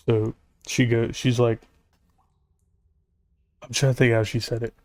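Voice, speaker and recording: A man chats casually over a video game at a middle pitch. He rambles and stumbles through his story and drops in dry, sarcastic jokes. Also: darkish tone, dry recording. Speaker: gaming YouTuber. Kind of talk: casual commentary over gameplay.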